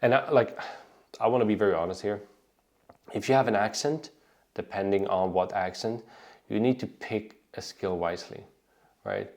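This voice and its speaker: A man's voice: fairly low pitch, normal speed, pauses often, a little mellow. A man from Sweden with a light Swedish accent, talking casually as an online business coach, often checking in with "right?" and restarting sentences. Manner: conversational, frequent "right?" tags and restarts. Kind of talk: casual advice talk to camera.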